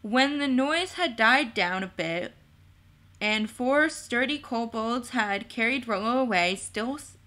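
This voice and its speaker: A woman narrating a storybook chapter in a measured, expressive way. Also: fairly high pitch. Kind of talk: storybook reading with character voices.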